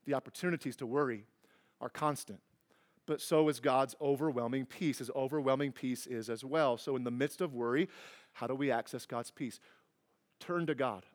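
A middle-aged male pastor with a notably high voice delivers an earnest sermon in a church sanctuary. He talks conversationally, then sinks into a hushed, tender near-whisper. His tone stays sincere and direct.

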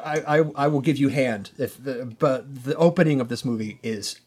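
A young man co-hosting a casual podcast, rambling excitedly with lots of fillers and swearing. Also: mid-range voice, moderate pace, a little hiss or hum. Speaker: podcast co-host. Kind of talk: casual chat.

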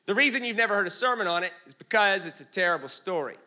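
Animated, bright-voiced comedic preacher. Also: male voice, sits high. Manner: animated storyteller, jokey, quick asides. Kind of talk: comedic sermon.

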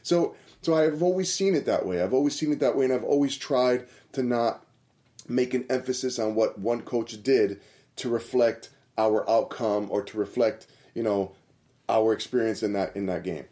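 A man's voice: mid-range voice, moderate pace, warm tone. A man who coaches several sports, talking earnestly and reflectively in a casual podcast chat, repeating phrases for emphasis. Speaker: multi-sport coach and guidance counselor.

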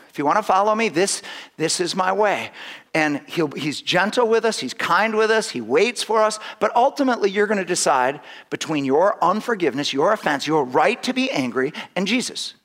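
A male pastor preaching with a high, lively voice that swoops up and down. He acts out little voices and laughs often. His sentences stop and restart as he works up to a point. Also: normal speed. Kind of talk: sermon.

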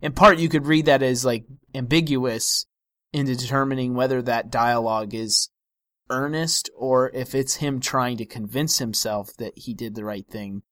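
A man's voice: medium pitch, moderate pace, a bit bright, no echo, clean studio sound. A man co-hosting a film podcast, giving wry, analytical opinions in casual discussion with frequent restarts.

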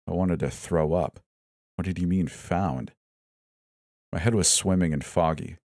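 A man's voice: low-pitched, measured pace, long pauses, a little mellow, no echo, clean studio sound. A man reading a first-person horror story aloud, tense and suspenseful, giving each character his own voice. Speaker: narrator. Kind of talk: scripted horror story narration.

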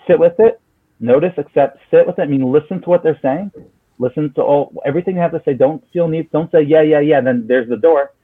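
A man's voice: on the high side, fairly quick, dry recording. A therapist being interviewed, explaining his approach earnestly with many restarts and acted-out client exchanges. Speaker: therapist guest. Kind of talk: conversational explanation. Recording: husky voice over a tinny phone-like line, dry.

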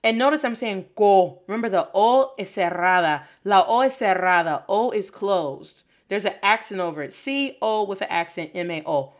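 A woman teaching a Spanish lesson, drilling phrases with lively repetition and switching languages. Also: medium pitch, moderate pace, few pauses. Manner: animated, switches between English and Spanish, repeats phrases for drill. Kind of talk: energetic video lesson. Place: Detroit.

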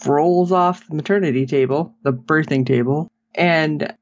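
Sitting low in pitch and moving a little slowly, a woman recaps a TV episode as a podcast co-host in relaxed conversation. She acts out quotes and laughs often during the lively retelling. The dull, lo-fi recording carries slight background noise.

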